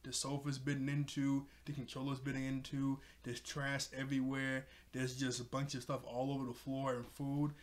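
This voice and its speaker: A man's voice: mid-range voice, completely flat delivery, moderate pace, few pauses. A young man casually recapping a cartoon episode, rambling with fillers and self-corrections, laughing often. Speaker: video reviewer.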